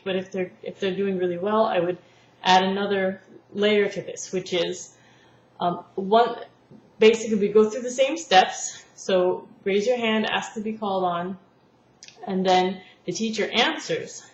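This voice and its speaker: Woman explaining a lesson, roomy lo-fi sound. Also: mid-range voice. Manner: patient, explanatory, acts out classroom examples. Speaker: language therapy teacher. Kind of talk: spoken lesson walkthrough. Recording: roomy, dull lo-fi sound with faint noise.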